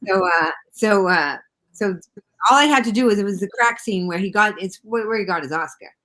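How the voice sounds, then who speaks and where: A woman with a Boston accent rattles off an anecdote at a brisk clip. She tells it like a comedian, acting out the lines of others in a casual talk-show chat. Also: mid-range voice. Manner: fast, animated anecdote-telling with acted-out quotes. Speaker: guest comedian.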